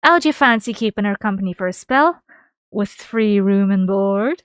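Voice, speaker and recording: Hearty, teasing tavern keeper with an Irish lilt, loud and booming, a woman putting him on for a game read-along, dry close sound. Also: expressive, moderate pace, clean tone, dry recording, close to an everyday voice. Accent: Irish-style lilt. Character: jovial roguish middle-aged male tavern keeper. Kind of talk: reading game dialogue aloud.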